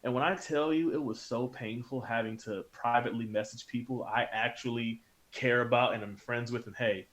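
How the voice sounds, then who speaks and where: A man's voice: mid-range voice, steady tone, normal speed, hardly any pauses, fairly bright tone. A man co-hosting a wrestling podcast, making emphatic points and repeating them for stress. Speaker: podcast co-host. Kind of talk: casual chat.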